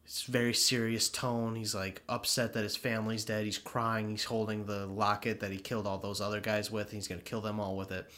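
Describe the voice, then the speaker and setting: A man's voice: fairly low pitch, flat delivery, brisk, hardly any pauses, fairly bright tone. A man co-hosting a podcast in loose casual chat, rambling and swearing, laughing often. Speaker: podcast co-host.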